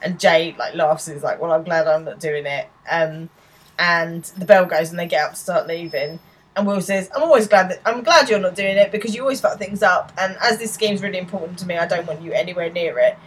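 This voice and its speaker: A woman's voice: on the low side, fairly quick, slightly rough, low-quality recording. A woman in her thirties, casually narrating show scenes as a podcast co-host and quoting the characters' lines. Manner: narrates scenes, quotes lines in lively put-on voices. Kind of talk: casual recap chat.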